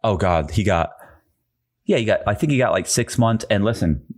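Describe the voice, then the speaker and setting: A man telling blunt, profane stories on a podcast. His voice sits low but swings widely as he acts out other people's lines. The talk is loose and casual. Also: animated, normal speed. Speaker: podcast guest. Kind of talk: casual storytelling. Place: podcast studio.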